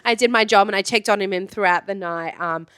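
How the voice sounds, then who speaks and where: Podcast co-host, woman, lively storyteller who jumps into voices; dry close sound. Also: mid-range voice, fairly quick, clear, resonant tone, no room sound. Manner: animated, acts out voices in her stories. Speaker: podcast co-host, trip manager. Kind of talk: casual storytelling chat.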